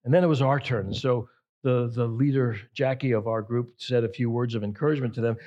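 A pastor preaching a sermon with emphatic delivery, repeating phrases for effect. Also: male voice, medium pitch, steady tone, brisk, warm tone, dull audio.

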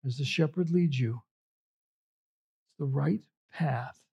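A middle-aged man preaching a sermon, slow and reflective with long pauses. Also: medium pitch, creaky, warm tone, slightly rough, muffled recording. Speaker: pastor.

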